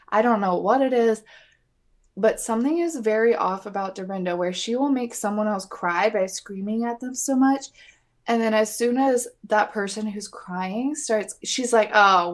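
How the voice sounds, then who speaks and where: A woman's voice: on the high side, a little mellow. A young woman co-hosting a podcast, recapping a reality show in a chatty, opinionated way and swearing freely. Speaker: podcast co-host. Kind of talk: casual recap chat.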